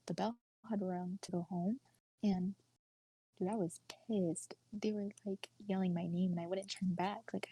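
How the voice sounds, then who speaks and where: Young woman, podcast co-host. Husky, soft-toned voice. Chatty, filler-heavy storytelling that dips to near-whispers. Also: medium pitch, no room sound, poor audio. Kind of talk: casual personal storytelling.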